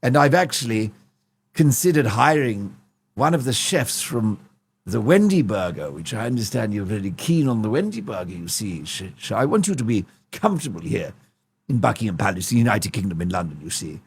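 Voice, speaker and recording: A man's voice: on the low side, sing-song, breathy edge, pitched below the performer's own voice, full character voice. A man putting on an impression of a plummy, pompous older king who rambles and keeps trailing off with "you see". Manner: pompous, ends phrases with a drawn-out "you see".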